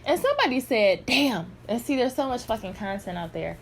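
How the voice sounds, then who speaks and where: A woman's voice: a little high, big pitch swings, fairly quick, slight background noise. A woman giving blunt, sassy, heavily profane commentary in a vlog. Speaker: pop culture commentator.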